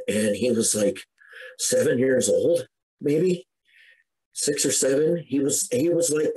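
A man's voice: mid-range voice, a little mellow, poor audio. A middle-aged man, a podcast guest, earnestly recounting a personal story in a conversational way, with frequent restarts and an emotional edge.

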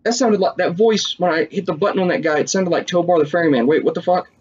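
Excitable swearing gamer man, lo-fi sound. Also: high-pitched, fast talker, slightly rough. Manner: excitable, swears often, talks to viewers. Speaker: let's play gamer. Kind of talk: casual gameplay commentary.

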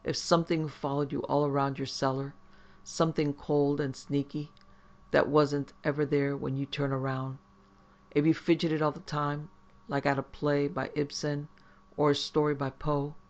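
A woman voicing a frightened, thin man haunted by a ghost, talking in excitable bursts in an audiobook reading. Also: sits low, normal speed. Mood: anxious. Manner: jittery, excitable, voice rising.

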